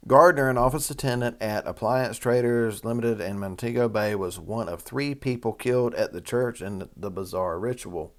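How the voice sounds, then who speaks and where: A man's voice: medium pitch, moderate pace, hardly any pauses. Folksy man reading news aloud. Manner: folksy, rambling, with y'all and asides. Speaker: host. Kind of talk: casual chat reading a news article aloud.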